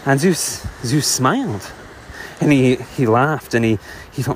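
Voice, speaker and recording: A man telling a myth in a relaxed, chatty way, full of ums and asides. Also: medium pitch, moderate pace, a little hiss or hum. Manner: chatty, digressive, laughs often, many fillers. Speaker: storyteller. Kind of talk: casual oral storytelling.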